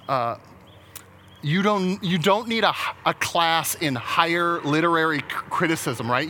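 A man's voice: on the high side, sharp tone, slight background noise. A man preaching a sermon in a casual, conversational way, often restarting his words and laughing at his own jokes. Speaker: pastor.

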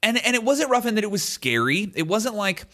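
A man's voice: sits high, big pitch swings, a little fast, fairly bright tone. A man in his thirties telling a personal story in a loose, conversational way, full of "like" fillers. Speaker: storyteller sharing a personal experience. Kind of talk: casual storytelling to camera.

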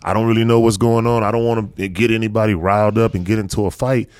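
A man's voice: lowish voice, steady tone, darkish tone, smooth, no echo, clean studio sound. A man hosting a casual interview, chatty and agreeable, sharing his own stories as a football parent. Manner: chatty, agreeable, quick back-channels. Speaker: podcast host, football parent.

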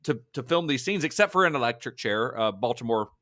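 A man's voice: mid-range voice, expressive, fairly quick, bright, forceful tone, no room sound, clean studio sound. A man co-hosting a casual film podcast, telling behind-the-scenes stories with frequent laughs and fillers. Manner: chatty storyteller, laughs often, many fillers. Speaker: podcast co-host.

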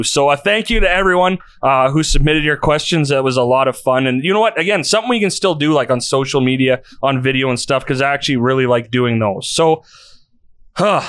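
Chatty podcast host, dry sound. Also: male voice, fairly high pitch, brisk, fairly bright tone, dry recording. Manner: loose, rambling announcements. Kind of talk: casual podcast chat. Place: podcast studio.

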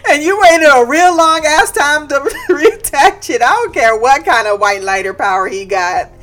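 A woman's voice: sits high, animated, measured pace, fairly bright tone, faint music behind. A woman hosting a podcast in a casual chat, recapping a TV episode. She laughs often, swears freely and goes off on tangents.

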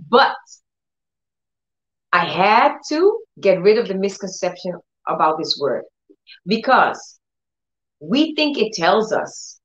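A woman's voice: mid-range voice, very animated, slow pace, long pauses, muffled recording. A woman giving a sermon-style teaching, emphatic and repetitive, who breaks into short laughs. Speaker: Christian teacher.

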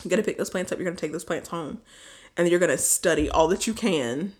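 A woman's voice: fairly low pitch, quick pace, breathy edge. A woman co-hosting a podcast in joking, playful casual chat, swearing and laughing often. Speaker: podcast co-host.

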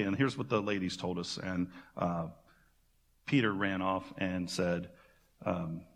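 A man pastor giving a sermon, retelling scripture as casual, animated storytelling with playful asides. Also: fairly low pitch, in a large hall.

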